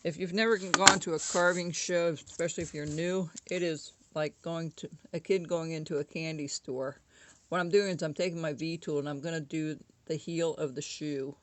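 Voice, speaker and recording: A woman's voice: low-pitched, steady tone, moderate pace, no echo. A woman casually talking through a woodcarving tutorial at home, chatty and often correcting herself. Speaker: woodcarving instructor.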